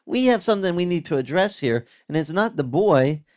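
A male pastor with a high voice preaches a sermon at a brisk pace. He reads scripture and explains it in a conversational, animated teaching style, acting out scenes vividly.

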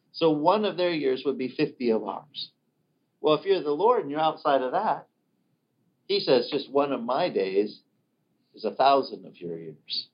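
Male pastor delivering a sermon with an animated, swooping delivery and acted-out quotes; dull, lo-fi recording. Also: mid-range voice. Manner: animated, acts out quoted voices.

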